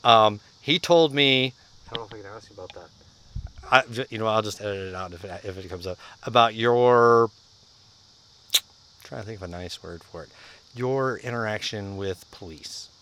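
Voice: mid-range voice, moderate pace, fairly bright tone, slight background noise, low-quality recording. An interviewer asking casual, somewhat hesitant questions.

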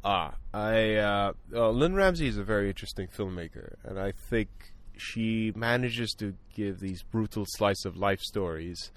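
Low-pitched man, casual film chat, halting and thoughtful. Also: animated. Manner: thoughtful, many fillers and restarts. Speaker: film podcast guest.

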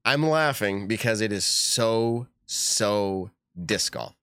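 A man hosting a casual podcast, chatting in an animated, emphatic way and laughing often. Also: on the low side, takes it slowly, smooth, no echo, clean studio sound. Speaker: podcast host. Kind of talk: casual chat.

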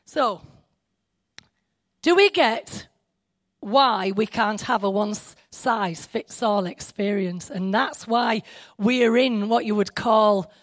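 A woman preaching a sermon, excitable and full of asides and self-interruptions. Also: mid-range voice, slow, dry recording.

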